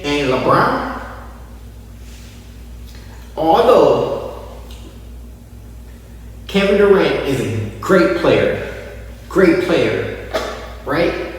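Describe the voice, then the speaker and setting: Animated man talking sports in an echoey room. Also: on the high side, recorded from a distance. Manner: animated, mocking impressions of players and coaches. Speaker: podcast host. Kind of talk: casual sports commentary.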